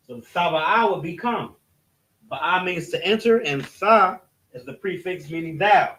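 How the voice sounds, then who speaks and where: A man teaching a scripture lesson in a halting way, often restarting his sentences as he points things out on a board. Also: a little high, lively intonation, fairly bright tone. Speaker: religious teacher. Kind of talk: classroom-style scripture lesson. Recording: echoey room, mic at a distance.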